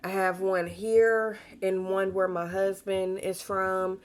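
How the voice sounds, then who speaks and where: Speaking in a mid-range voice at an unhurried pace, this young woman keeps her tone level. She's a pregnant vlogger talking casually to camera, full of warm, chatty stories sprinkled with Southern slang.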